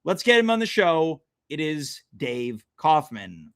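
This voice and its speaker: A male host with a slightly high voice runs loose, joking banter on a comedy show. He needles his guest with dry, deadpan jabs. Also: slow.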